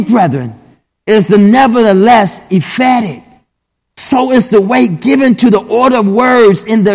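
Emphatic preacher in a reverberant hall. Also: male voice, high-pitched. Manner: emphatic, repeatedly saying "brethren", drawn-out pauses. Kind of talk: sermon.

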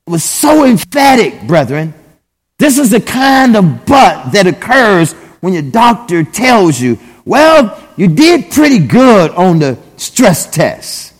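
A man preaching a sermon emphatically, repeatedly addressing his listeners as brethren. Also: sits high. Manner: emphatic, repeatedly saying "brethren", drawn-out pauses. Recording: long hall reverb.

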